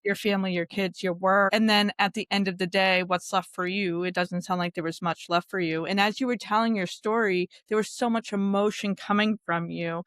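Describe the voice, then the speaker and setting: A woman's voice: medium pitch, steady tone, fairly quick, hardly any pauses, a bit bright, smooth, no echo. A woman co-hosting a podcast, a social worker, responding empathetically and repeating phrases for emphasis. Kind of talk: podcast interview.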